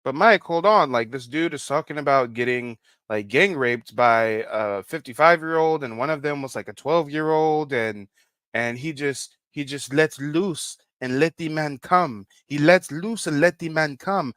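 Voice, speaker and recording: A man hosts a reaction commentary stream in a slightly high, bright voice that moves a little slowly, on a dry recording. He's theatrical and teasing, constantly calling out to his viewers and repeating "guys" and "Mike."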